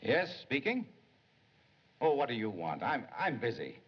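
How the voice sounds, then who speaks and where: An impatient, busy police chief. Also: male voice, medium pitch, wildly swooping pitch, measured pace, slightly rough, exaggerated voice. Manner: impatient, dismissive. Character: brusque, busy male police official. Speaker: police official. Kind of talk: 1930s film acting. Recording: dull 1930s film soundtrack.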